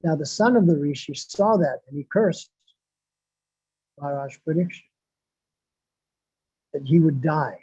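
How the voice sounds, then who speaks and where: A man's voice: on the high side, animated, unhurried, pauses often, mellow, husky, dry recording. A man giving a devotional sermon, repeating phrases for emphasis and reciting Sanskrit verses. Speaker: devotional speaker. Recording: dull lo-fi, dry sound.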